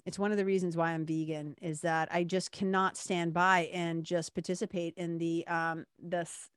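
A woman's voice: fairly low pitch, clean tone, no room sound, studio quality. A woman telling a personal story in an earnest, reflective way, acting out the dialogue she recounts.

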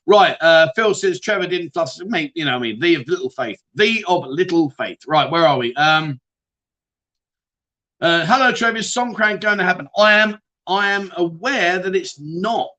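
A man's voice: on the high side, a bit bright. A man hosting a casual livestream, reading out viewer comments and teasing them with banter. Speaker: livestream host.

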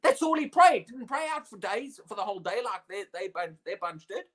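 A preacher delivering a sermon, animated and expressive, with frequent laughs. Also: medium pitch, a little fast. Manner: animated, acts out the quoted speech in a raised voice, laughs often.

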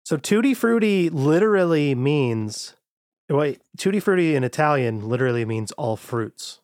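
A man in casual comedy chat, walking through a song's lyrics line by line and crooning snatches of them. His voice sits a little high for a man. The sound is close and dry, with no room around it. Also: expressive, normal speed, a little mellow, no echo. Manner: talks lyrics through and half-sings them, laughing. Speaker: podcast co-host.

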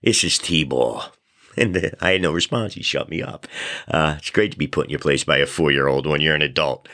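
A man's voice: very deep voice, steady tone, fast talker, sharp tone. A man hosting a podcast in a chatty, loose way, telling stories and reading out contact details. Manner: chatty, loose, self-deprecating storyteller. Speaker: podcast host. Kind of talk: casual talk show monologue.

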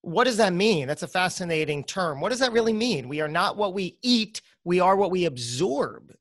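A man's voice: sits high, expressive, normal speed, a bit bright, no echo. A man with a New Jersey accent hosting an interview podcast, chatty and enthusiastic. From United States. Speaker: podcast host. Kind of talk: casual interview chat.

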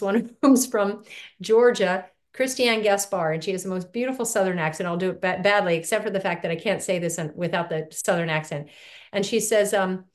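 A middle-aged woman speaks as a guest in a relaxed interview. Her voice sits at a middle pitch, and she tells her own story in a lively, self-mocking way. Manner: lively storytelling, self-deprecating, laughs often. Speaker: author and poet, interview guest. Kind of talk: conversational interview.

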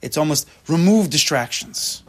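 A man teaching a Talmud class, thinking aloud with quick restarts and reading text out loud. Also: on the high side, expressive. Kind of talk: casual shiur teaching.

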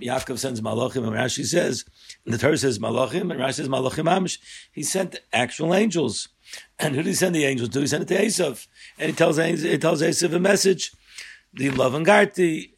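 Gravelly older man teaching. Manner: earnest, rising sharply in pitch and volume for emphasis. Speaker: rabbi teaching a Torah class. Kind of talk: Torah lesson.

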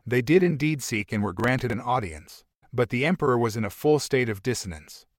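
A man narrating an amateur fantasy story, reading in a halting, stumbling way. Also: mid-range voice, animated, no room sound, studio quality.

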